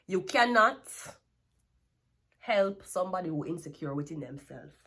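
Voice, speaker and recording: A woman's voice: on the low side, expressive, measured pace, fairly bright tone, husky. A Jamaican woman giving a tarot reading, blunt and scolding, with plenty of swearing. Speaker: tarot card reader.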